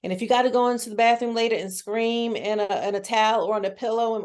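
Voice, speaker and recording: A woman's voice: fairly high pitch, steady tone, fast, darkish tone. A woman who is a children's therapist, talking candidly and earnestly in a casual interview, with a folksy manner and frequent restarts.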